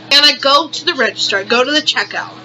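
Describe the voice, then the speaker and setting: A woman's voice: high voice, fast, sharp tone, slight background noise, low-quality recording. A young woman vlogger performing a satirical monologue in exaggerated, repetitive, melodramatic outrage.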